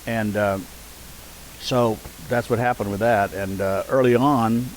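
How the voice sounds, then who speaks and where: Unhurried and on the low side, the voice of an older interview guest, a veteran community theater actor, drifts through anecdotal memories, becoming animated as he quotes people. The recording is low quality with slight background noise.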